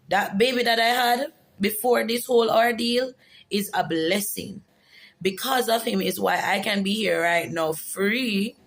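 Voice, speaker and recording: A woman's voice: mid-range voice, vocal fry, low-quality recording. A woman giving an earnest, emotional personal testimony in a vlog. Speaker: vlogger.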